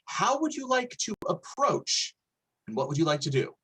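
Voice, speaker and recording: A woman narrating a tabletop game as game master, in a playful, deliberate way. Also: on the low side, sing-song, a bit bright, slightly rough.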